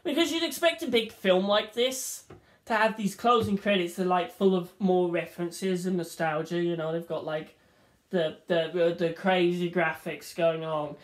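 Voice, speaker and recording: A woman's voice: fairly low pitch, moderate pace. Swearing, rambling woman reviewer. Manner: animated, swears freely, acts out scenes. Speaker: film reviewer. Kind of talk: rambling casual monologue.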